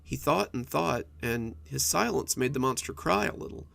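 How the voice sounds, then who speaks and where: A man narrating horror stories in an expressive storytelling manner. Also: medium pitch, moderate pace, creaky.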